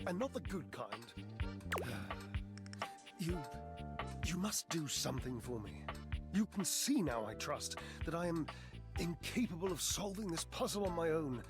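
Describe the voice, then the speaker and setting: A man's voice: a little high, sing-song, normal speed, over music. An actor playing a theatrical, lovesick man who speaks in florid, verbose phrases in video game character dialogue. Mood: anguished.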